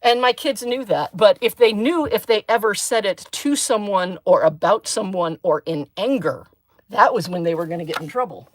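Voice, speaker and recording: A woman's voice: mid-range voice, expressive, normal speed, dry recording, low-quality recording. A middle-aged woman hosting a chatty crafting livestream, telling stories in a dry, sarcastic, talkative way. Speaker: craft channel host, former chemistry teacher.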